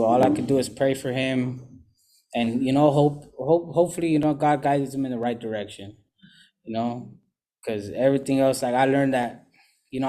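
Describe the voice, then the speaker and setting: A young man's mellow, mid-range voice carries his candid, casual account of recovering from addiction, told in rambling, slangy speech heavy with "you know."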